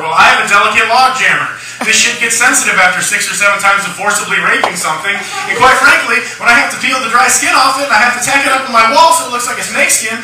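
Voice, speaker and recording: A man's voice: sits high, a little fast, bright, forceful tone. A tipsy young man doing a crude, rambling stand-up set in a lounge bar. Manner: crude, rambling, shock humor. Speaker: stand-up comedian. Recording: echoey room, mic from far off.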